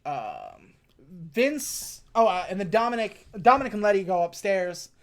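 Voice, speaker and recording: A man co-hosting a podcast, casually recapping a film, often laughing and acting out lines in quick voices. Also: high-pitched, very animated. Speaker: podcast co-host. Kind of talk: casual movie recap chat.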